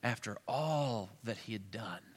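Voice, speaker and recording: A male preacher telling a story in a sermon. He swings between loud bursts and hushed asides. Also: on the low side, animated, unhurried, breathy edge. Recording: echoey hall.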